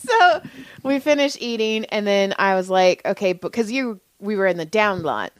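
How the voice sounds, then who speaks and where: Laughing, animated woman co-host with a dry sound. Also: mid-range voice, normal speed, dry recording, rough recording. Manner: animated storyteller, laughs often, acts out quotes. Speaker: podcast co-host. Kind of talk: casual chat.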